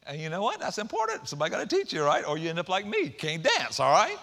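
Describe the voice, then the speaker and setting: A male pastor preaches with a bright, ringing tone that climbs at his high points. His talk is lively and folksy, full of asides to the congregation. He leans a little high for a man. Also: quick pace, creaky. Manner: animated preaching with folksy asides and rising emphasis. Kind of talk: sermon.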